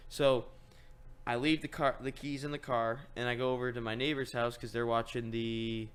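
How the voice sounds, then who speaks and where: A man's voice: medium pitch, flat delivery, moderate pace, clean tone. A young man hosting a podcast, chatting casually and rambling through stories, his voice climbing as he retells his own frustration. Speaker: podcast host. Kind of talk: casual chat.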